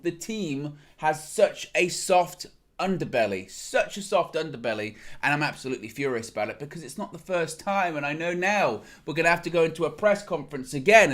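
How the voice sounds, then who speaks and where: An animated man hosting a fan show, venting his frustration in a loud, worked-up rant. His voice sits a little high for a man. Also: brisk. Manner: animated, exasperated ranting. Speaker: football fan channel host.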